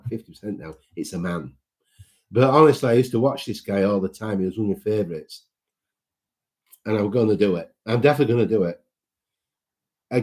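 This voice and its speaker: A man's voice: mid-range voice, darkish tone. A man hosting a casual live chat, reading out viewer comments and greeting people by name in a sentimental way.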